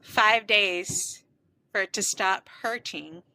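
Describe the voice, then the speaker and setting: A woman's voice: medium pitch, slow, pushed and bright, dry recording, rough recording. A woman co-hosting a podcast, telling a story in casual chat and laughing often. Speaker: podcast co-host.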